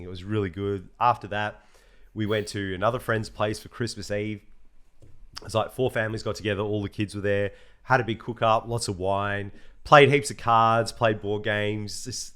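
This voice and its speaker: Chatty Australian man, lowish voice. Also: a bit bright, clear, resonant tone. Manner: chatty, teasing, drops "mate" often. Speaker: podcast co-host. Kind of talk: casual chat.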